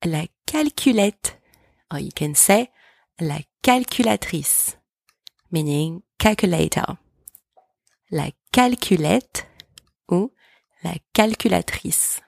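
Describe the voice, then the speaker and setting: A woman's voice: on the low side, animated, vocal fry, darkish tone, no echo, studio quality. A woman hosting a language podcast, carefully pronouncing vocabulary words for listeners to repeat. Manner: slow, careful enunciation of words. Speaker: French teacher, podcast host. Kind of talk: language lesson with repeat-after-me drills.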